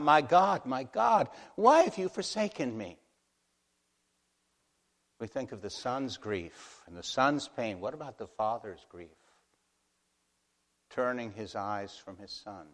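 Impassioned preacher in a reverberant hall. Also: male voice, mid-range voice. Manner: dramatic, swings from hushed to impassioned. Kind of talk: sermon.

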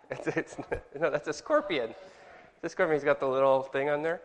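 A man's voice: on the high side, normal speed. A man teaching a Sunday school class, chatty and joking, asking the group questions. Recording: long reverb in a hall.

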